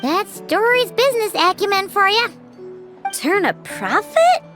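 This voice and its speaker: A woman's voice: very high voice, very animated, normal speed. An actress playing a spirited young woman who runs a craft shop in a video game, talking in a blunt, cheeky way. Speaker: game character. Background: music.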